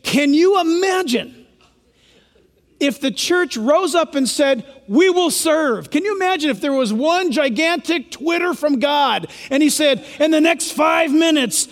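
A male pastor preaching a lively sermon, joking and acting out quotes for his congregation. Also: extremely high pitch, in a large hall. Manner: animated, joking, acts out quotes. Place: large church.

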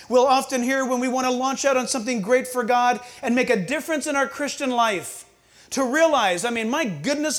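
A preacher giving a conversational sermon, asking the congregation rhetorical questions and acting out little scenes. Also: mid-range voice. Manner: acts out scenes with quoted voices.

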